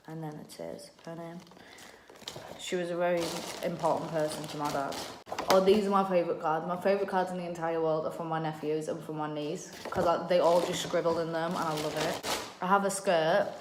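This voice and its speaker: A young woman in her twenties chats in a loose, rambling way, filling her sentences with "like". Her voice sits slightly low. The recording has a roomy echo with a faint hiss under it. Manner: chatty, rambling, peppered with "like". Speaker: vlogger. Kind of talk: casual chat. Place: her own home, a bedroom.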